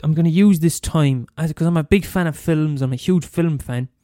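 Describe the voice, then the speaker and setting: A man's voice: fairly high pitch, normal speed, warm tone, no echo, clean studio sound, soft background music. Exasperated sweary Limerick Irish man. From Limerick, Ireland. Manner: profane, exasperated, full of restarts and repetitions. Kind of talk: comedic rant monologue.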